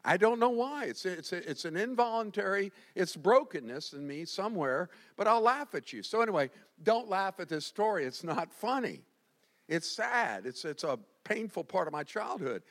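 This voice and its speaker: A man's voice: high-pitched, very animated, moderate pace, a bit bright. A male pastor from Florida preaching a sermon, telling stories animatedly with self-deprecating humor.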